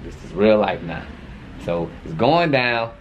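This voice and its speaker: A man's voice: on the low side, big pitch swings, measured pace, lo-fi sound, slight background noise. A man vlogging to camera, venting in a profane, exasperated rant.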